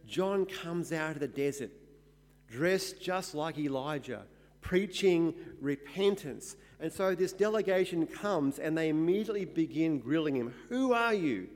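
A man, a pastor, giving verse-by-verse Bible teaching in an emphatic, explanatory way, often pausing with "uh". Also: on the high side, lively intonation, a little mellow, in a large hall. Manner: explanatory, emphatic, with frequent "uh" fillers.

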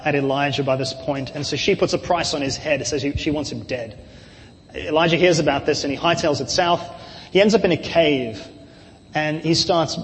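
A man with a somewhat high voice preaches a verse-by-verse sermon. He talks in a relaxed, conversational way and paraphrases the passages as he explains them. A light hall reverb and faint background noise sit around his voice. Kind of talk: expository sermon.

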